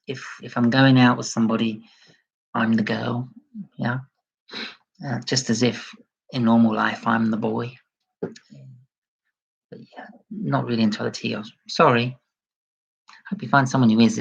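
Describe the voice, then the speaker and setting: Gravelly, husky man chatting on a livestream. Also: muffled recording. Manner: chatty and self-deprecating, gently raising his pitch toward a feminine tone. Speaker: livestream host. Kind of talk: casual livestream chat reading viewer comments.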